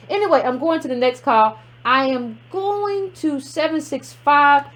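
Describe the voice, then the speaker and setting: A woman's voice: high voice, measured pace, few pauses, fairly bright tone. A woman hosting a call-in show, giving sassy, emphatic commentary and taking callers.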